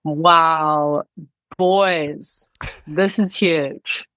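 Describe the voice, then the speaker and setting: A woman's voice: low voice, very slow, no room sound. A woman with a New Zealand accent, a guest on a podcast, chatting animatedly and playfully over a video call. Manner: animated, playful, laughing easily. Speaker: guest musician. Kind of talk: casual chat.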